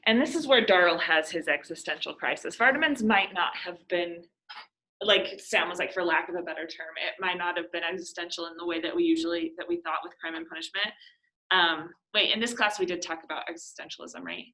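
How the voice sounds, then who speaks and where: A woman teacher leading a literature class discussion, thinking aloud, reading passages slowly and putting questions to her students. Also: lowish voice, bright, forceful tone, poor audio. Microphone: classroom recording.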